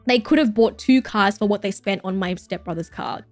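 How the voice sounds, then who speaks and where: A woman's voice: mid-range voice, normal speed, darkish tone. A young woman streamer chatting casually as she reacts to stories, laughing often and swearing freely. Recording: dry close mic with faint music behind.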